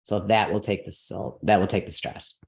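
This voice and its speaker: A woman's voice: rumbling low, darkish tone. Woman patiently teaching Sanskrit stress rules. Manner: patient explaining with frequent okays and all rights; slows down to spell out syllables. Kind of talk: online mantra lesson.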